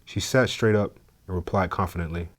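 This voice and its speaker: A man narrating a story in a steady, measured, scripted way. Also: deep voice.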